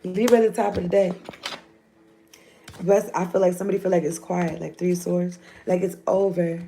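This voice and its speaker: A woman's voice: on the low side, little pitch movement, normal speed, gravelly, mellow, slight background noise. A woman, giving a loose, joking, profane tarot reading. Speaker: tarot reader.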